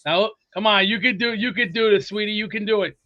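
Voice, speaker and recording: A man doing a gushing, over-the-top hype coach, his voice pitched way up and ringing bright as he coaxes a nervous performer from a distance. Sweet talk and cheerleading pour out of him with theatrical flair. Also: fairly quick, no echo, lo-fi sound. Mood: soothing.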